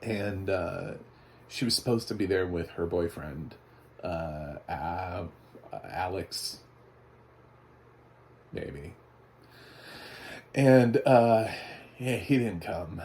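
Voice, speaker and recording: A man's voice: sits low, animated, extremely slow, pauses often, darkish tone, a little hiss or hum. A man giving a casual, chatty spoken movie review, often laughing. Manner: chatty, laughing, mock voices for quotes.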